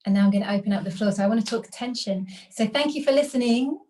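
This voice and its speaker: A woman leading a guided group workshop over a video call, speaking in a calm, encouraging way that invites reflection. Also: on the high side, fast talker, poor audio. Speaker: workshop facilitator.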